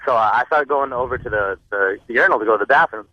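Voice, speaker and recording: A male caller tells a rambling story, full of fillers, on a phone-in show. He talks quickly over a dull, muffled line that sounds dry and close. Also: mid-range voice, dry recording.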